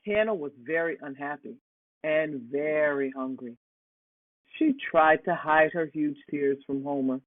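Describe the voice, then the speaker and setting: A reader slowly and playfully reading a children's picture book aloud. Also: medium pitch, dry recording. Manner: slow, animated, playful. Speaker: storybook reader. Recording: tinny phone-like, dry.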